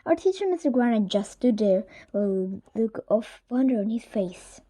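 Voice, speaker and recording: A woman's voice: a little high, lively intonation, normal speed, warm tone. A woman reading a children's chapter book aloud. She sometimes stumbles and corrects herself, gives the children in the story livelier voices, and drops to a whisper for asides. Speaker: reader.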